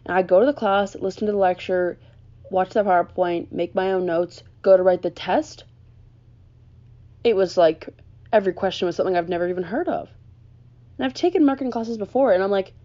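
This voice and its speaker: A woman's voice: medium pitch, a little fast, warm tone, highs cut off. A young woman, a college student ranting sarcastically on her vlog, full of "like" and rising exasperation. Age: young adult.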